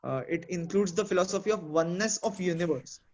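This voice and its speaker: A man's voice: sits high, fast, darkish tone. A man in a casual group discussion, explaining his ideas thoughtfully with examples and many fillers. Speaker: discussion participant.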